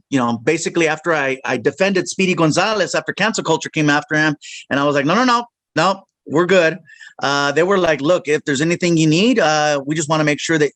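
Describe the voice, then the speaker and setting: A man, a comedian and voice actor, telling a story in an interview with animated, joking delivery. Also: on the high side, no echo.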